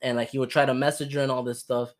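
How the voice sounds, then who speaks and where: A man's voice: mid-range voice, little pitch movement, fast talker. A young man hosting a casual podcast, telling stories animatedly and mimicking the people he quotes. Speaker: podcast host. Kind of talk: casual chat, storytelling.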